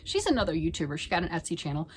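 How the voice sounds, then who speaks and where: Middle-aged woman rambling at home, kinda low voice, keeps going soft and whispery, faint background noise. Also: big pitch swings, rapid-fire, poor audio. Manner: rambling and chatty, often dropping to a soft near-whisper. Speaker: knitting vlogger. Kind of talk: casual chat.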